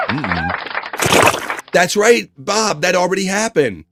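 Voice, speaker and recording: A man's voice: a little high, sing-song, measured pace, over loud music. A man hosting a live online show in casual talk, joking as he reads out chat messages and horoscopes. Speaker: host.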